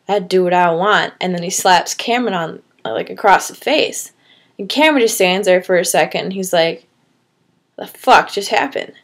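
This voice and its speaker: A woman casually telling a made-up story, rambling with fillers and swearing. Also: medium pitch.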